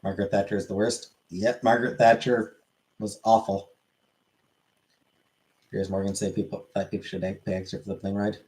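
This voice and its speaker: A man with a fairly low voice chats on a live stream and answers viewers' questions one after another. He talks in a loose, offhand way and swears freely. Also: little pitch movement, moderate pace, long pauses, darkish tone, poor audio. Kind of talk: casual live stream chat.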